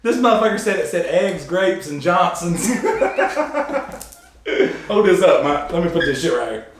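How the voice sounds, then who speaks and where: Man co-host, high and lively voice, laughing storyteller, echoey noisy room. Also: moderate pace. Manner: animated, laughing, profane storytelling. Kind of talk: casual chat. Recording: echoey room with background noise.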